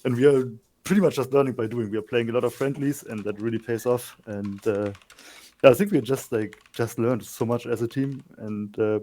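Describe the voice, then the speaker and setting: Relaxed mellow-voiced man. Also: mid-range voice. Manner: relaxed, easygoing answers with light laughs. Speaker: team player being interviewed. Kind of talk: casual esports interview.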